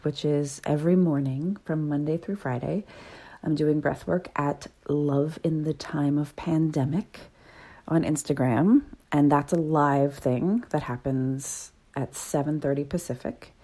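Low mellow-voiced woman podcast host. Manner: earnest, animated, drops to soft whispers at times. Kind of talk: casual solo podcast talk.

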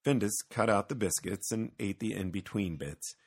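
A man narrating a children's storybook reading in a gentle, unhurried way. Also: on the low side, husky.

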